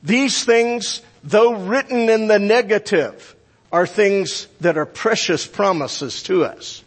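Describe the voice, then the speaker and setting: An older man preaches in an unhurried, deliberate way, pressing his points with emphasis. His voice sits high for a man and has a husky edge. A long reverb trails behind him, as in a big hall. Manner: deliberate, emphatic teaching with Greek grammar asides. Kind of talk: sermon.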